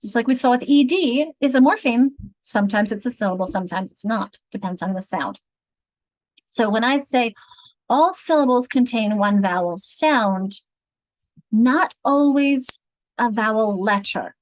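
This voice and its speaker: A woman leading an online teacher training on reading instruction from home, explaining patiently and slowly sounding out example words. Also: fairly high pitch, expressive, no room sound, low-quality recording. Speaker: literacy instructor.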